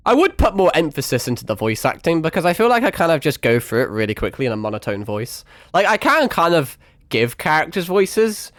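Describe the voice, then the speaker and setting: A man's voice: fairly high pitch, very animated, a little fast, fairly bright tone, no echo. A young man streaming a game, chatting casually, swearing freely and mocking himself, his voice a bit strained from hours of talking. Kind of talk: casual live-stream gaming chat.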